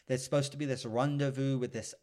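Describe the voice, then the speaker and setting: Guy cohosting a podcast, casual chat, gushes and rambles with lots of ums, medium pitch. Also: fairly even intonation, quick pace, a crowd in the background. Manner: rambling and enthusiastic, hedging with fillers. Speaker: podcast co-host.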